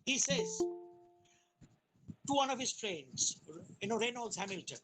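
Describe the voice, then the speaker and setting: A woman giving an academic webinar lecture on poetry over a video call, explaining in a deliberate way and often restarting her sentences. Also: fairly high pitch, big pitch swings, fairly bright tone, a little hiss or hum, low-quality recording. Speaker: guest lecturer.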